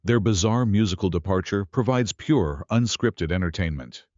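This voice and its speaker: Low-voiced male narrator, muffled. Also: lively intonation, normal speed, darkish tone, no room sound. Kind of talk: scripted narration. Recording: muffled lo-fi audio.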